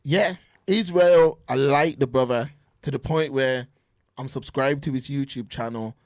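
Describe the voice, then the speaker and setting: A man co-hosting a casual sports podcast over a remote call, animated and full of restarts. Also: medium pitch, measured pace, no echo, clean studio sound. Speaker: podcast co-host. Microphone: remote call mic.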